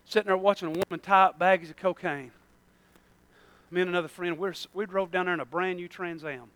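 A man preaching a sermon, swinging from shouting to hushed storytelling. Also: high-pitched, fairly even intonation, fairly quick.

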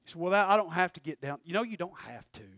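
A man preaching a sermon in church, talking in quick asides and rising to sudden shouted peaks. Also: sits high, animated, dry recording. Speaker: pastor.

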